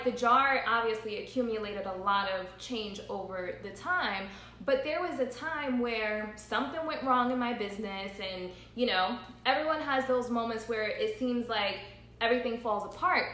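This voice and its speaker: A woman's voice: a little high, unhurried, bright, forceful tone, reverberant. A woman in her thirties speaking earnestly on a livestream, repeating her points and laughing through emotion. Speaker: entrepreneur vlogger. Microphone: phone livestream.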